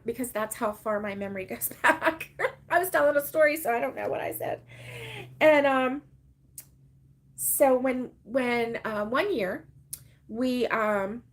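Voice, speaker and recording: An older woman, hosting a casual crochet livestream and rambling through stories with fillers and laughter. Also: fairly high pitch. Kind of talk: casual chat to live viewers.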